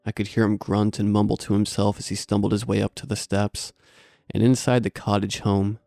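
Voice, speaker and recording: Gravelly, deep-voiced man narrating horror. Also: fairly quick, no echo, studio quality, soft background music. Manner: steady, grim storytelling. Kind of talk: scripted horror story narration.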